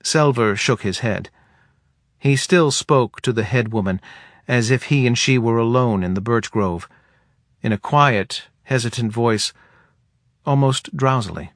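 A man reading a novel aloud as narrator, measured and expressive. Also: mid-range voice, no echo, clean studio sound. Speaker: audiobook narrator. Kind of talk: scripted narration.

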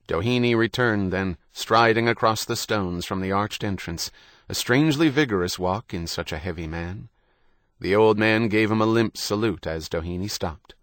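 Man narrating, low pitch, dry sound, even measured reading. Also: dry recording. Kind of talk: audiobook narration.

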